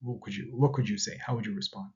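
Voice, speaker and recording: A man's voice: lowish voice, fairly even intonation, fast talker, darkish tone, highs cut off. A man teaching a recorded lecture in a conversational way, often restarting phrases and asking rhetorical questions. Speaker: instructor.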